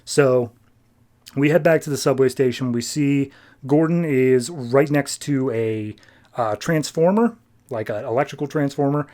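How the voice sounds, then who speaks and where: A man's voice: mid-range voice, a little mellow. A man hosting a podcast, casually recapping a comic story and loosely acting out the characters' lines. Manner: retells scenes quickly, acting out quotes loosely. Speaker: podcast host.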